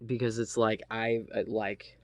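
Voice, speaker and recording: Slow, halting man telling a story. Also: on the low side, flat delivery, no echo. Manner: halting, profane, many restarts. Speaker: vlogger. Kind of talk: casual storytime monologue.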